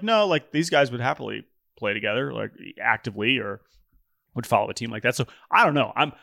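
A man's voice: mid-range voice, vocal fry, fairly bright tone, no room sound, studio quality. A man co-hosting a baseball podcast in casual chat, joking, reading listener emails, often restarting sentences. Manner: chatty, jokey, many restarts. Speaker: podcast co-host.

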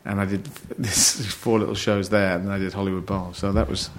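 A man's voice: deep voice, flat delivery, brisk, slight background noise. A middle-aged man from England, a comedian in casual podcast chat, rambling and laughing as he talks, restarting his sentences often. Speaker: comedian guest.

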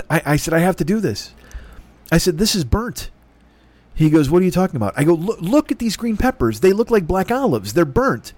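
Guy in his middle years ranting, swears a lot, highish voice, dead dry mic. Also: big pitch swings, moderate pace, darkish tone, dry recording. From Chicago. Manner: profane, exasperated, acts out both sides of the argument. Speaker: podcast host. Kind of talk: ranting storytelling.

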